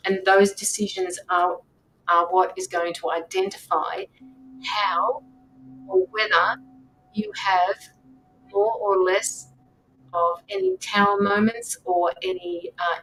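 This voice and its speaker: A medium-pitched, fairly bright-toned woman, a tarot reader and medium, gives a live-stream reading from far away from the mic, with slight background noise in a low-quality recording. Earnest and casual, she coaches her viewers, says things more than once and checks in with "right?"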